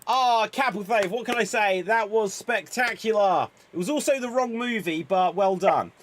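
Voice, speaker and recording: A man's voice: high voice, normal speed, slight background noise. A man hosting an improv game, upbeat and encouraging as he announces players. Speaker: improv show host.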